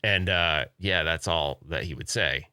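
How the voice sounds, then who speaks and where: A man's voice: low voice, unhurried, sharp tone, clear, resonant tone, no echo, studio quality. A man hosting a casual podcast, talking in an enthusiastic, rambling way with many restarts. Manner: rambling, self-interrupting, enthusiastic. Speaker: podcast host.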